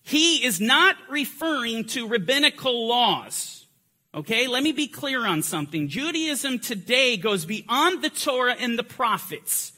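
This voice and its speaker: A man's voice: very high-pitched, expressive, measured pace. A man teaching a Bible lesson in an emphatic way, pressing his points harder as he goes. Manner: emphatic, building to forceful climaxes. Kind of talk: teaching lecture.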